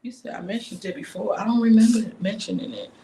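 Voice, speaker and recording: A woman's voice: medium pitch, fast, gravelly. A woman hosting a livestream, telling a story in a casual, profane rant and acting out each voice in it. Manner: animated ranting, profane, acts out every voice in her story. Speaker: livestream host.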